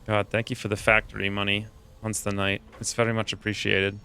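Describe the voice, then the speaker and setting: Bright, clear-voiced male game streamer. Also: fairly low pitch, little pitch movement, a little fast. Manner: joking, self-mocking, thinks aloud. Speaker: gaming streamer. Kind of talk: casual gameplay commentary.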